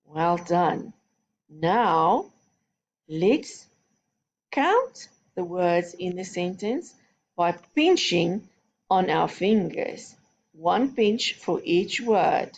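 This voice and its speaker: A woman's voice: on the low side, very animated, drawn-out words. A woman teaching a recorded phonics lesson to young children, giving patient, step-by-step instructions. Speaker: primary school teacher.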